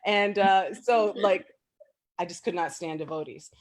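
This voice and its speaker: A woman's voice: mid-range voice, measured pace. A woman casually sharing personal memories as an interview guest, chatty and full of fillers, often laughing. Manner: animated when quoting people.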